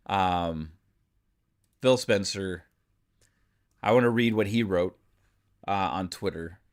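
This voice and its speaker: Low-voiced man hosting a podcast. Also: slow pace. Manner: conversational, thinks aloud while reading news. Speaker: podcast host. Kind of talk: casual news commentary.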